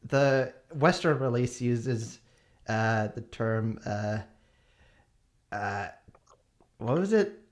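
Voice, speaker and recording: A man's voice: medium pitch, expressive, very slow, long pauses. A man streaming, reading a long game review aloud with small hesitations.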